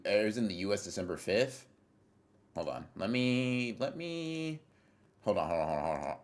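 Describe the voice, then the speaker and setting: Deep-voiced rambling young streamer man. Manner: rambling, profane, self-interrupting, reacting to chat. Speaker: livestreamer. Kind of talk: casual livestream chat to viewers.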